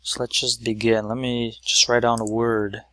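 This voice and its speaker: A man's voice: mid-range voice, flat delivery, normal speed, a bit bright, no room sound. A man teaching a lesson at a whiteboard, explaining patiently step by step with some fillers.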